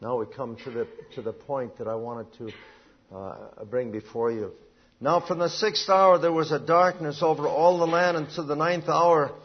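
Husky preaching man, lo-fi recording. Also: fairly high pitch, moderate pace. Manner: preaching with rising emphasis, quoting scripture; clears throat often. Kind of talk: sermon.

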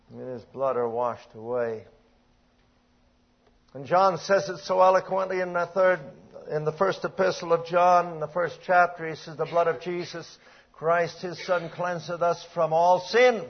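An older man preaching a sermon, reading old-style scripture aloud and swinging between hushed, drawn-out lines and emphatic, raised passages, often clearing his throat. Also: a little high. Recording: dull lo-fi recording.

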